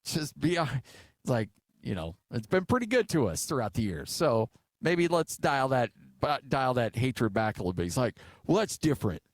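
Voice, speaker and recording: A man in his forties hosts sports talk radio, chatting and telling stories with plenty of fillers. His voice sits at a middle pitch. The studio sound is dry and close. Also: sing-song, normal speed, no room sound. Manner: chatty storyteller, many "uh" fillers. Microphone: studio microphone.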